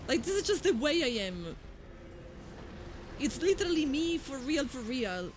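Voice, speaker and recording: A woman's voice: sits high, sing-song, a little slow, a little hiss or hum. A woman with an Italian accent giving chatty live gameplay commentary, joking with her viewers. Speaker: live streamer.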